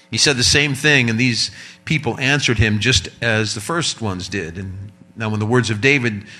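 Bright-voiced animated preacher. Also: male voice, medium pitch. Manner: animated storytelling with humorous asides. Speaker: pastor. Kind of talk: sermon.

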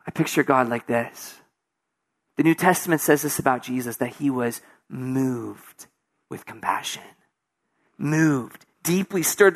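High-voiced, expressive male preacher. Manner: expressive, swings from soft hushed passages to raised emphatic preaching; conversational asides, acts out voices of people in the story. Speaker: pastor. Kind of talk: sermon.

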